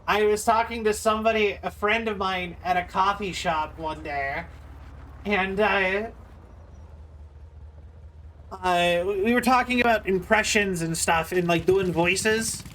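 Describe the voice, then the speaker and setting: A man's voice: sits high, unhurried, a bit bright, a little hiss or hum. A man streaming and chatting casually while he plays, telling rambling, self-deprecating stories with stammering restarts. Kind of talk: casual chat while gaming.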